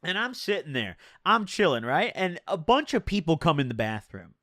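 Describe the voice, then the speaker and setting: A young man spins a casual story with plenty of slang and swearing. His voice sits fairly high for a man and leaps around in pitch. The sound is close and dry. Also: sing-song, normal speed, fairly bright tone, dry recording. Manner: slangy, profane, chatty. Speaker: vlogger telling a personal story.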